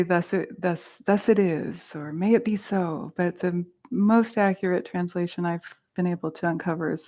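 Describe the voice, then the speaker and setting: A woman from Central California teaching a Buddhist meditation class, explaining gently with a light, playful touch. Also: lowish voice.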